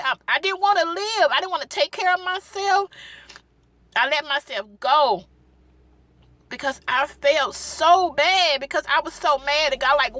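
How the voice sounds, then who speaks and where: Earnest high-voiced woman giving a testimony. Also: sharp tone. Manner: pleading, repeats phrases for emphasis, Southern Black church cadence. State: tearful at times. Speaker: gospel singer sharing her testimony. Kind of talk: emotional personal testimony.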